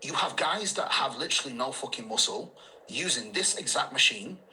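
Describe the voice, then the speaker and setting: Bright-voiced coach, earnest and emphatic. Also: male voice, mid-range voice, expressive, moderate pace, slight background noise, poor audio. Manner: earnest, emphatic, repeats key phrases. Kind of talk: coaching talk.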